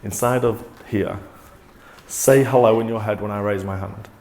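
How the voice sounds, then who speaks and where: A fairly low-voiced man giving a motivational talk to a live audience. He is energetic and coaxing and often restarts his sentences. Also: moderate pace, slight background noise. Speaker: corporate presenter.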